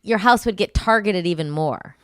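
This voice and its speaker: A woman's voice: medium pitch, normal speed, no echo, clean studio sound. A woman co-hosting a podcast, chatting casually with an easygoing manner. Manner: easygoing, frequent laughter. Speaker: podcast co-host. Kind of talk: casual chat.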